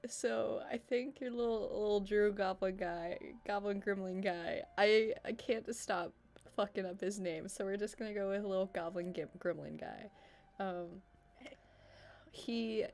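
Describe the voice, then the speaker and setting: A woman's voice: medium pitch, vocal fry, a little mellow. A woman narrating as game master of a tabletop game, casual and giggly, with fillers.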